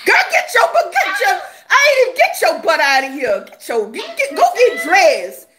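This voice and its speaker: A woman's voice: very high voice, huge pitch swings, moderate pace, a bit bright. A woman vlogger giving sassy, laughing gossip commentary, calling viewers honey and baby.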